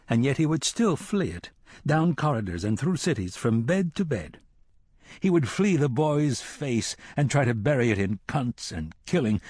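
A man narrating a novel as an audiobook in a measured, solemn storytelling manner. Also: medium pitch, a little mellow, slightly rough, no room sound, studio quality. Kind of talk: scripted narration.

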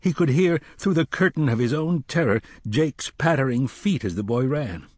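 Husky male audiobook narrator. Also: mid-range voice, animated, a little mellow, no echo, studio quality. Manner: measured, slowing for tension.

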